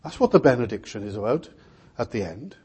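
A man preaching an expository sermon in a measured way, often putting rhetorical questions to his listeners. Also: mid-range voice, very animated, dark tone, breathy edge.

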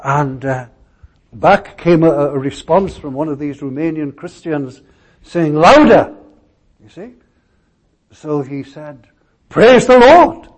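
A male pastor preaching a sermon, telling stories in a halting way with many restarts and fillers. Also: a little high, fairly even intonation, a little mellow, husky.

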